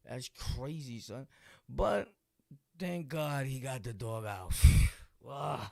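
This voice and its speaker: A man's voice: medium pitch, expressive, takes it slowly, vocal fry, no echo, clean studio sound. A man with a Brooklyn accent casually telling a street story, full of slang and laughing asides. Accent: New York, Brooklyn. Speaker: vlog host.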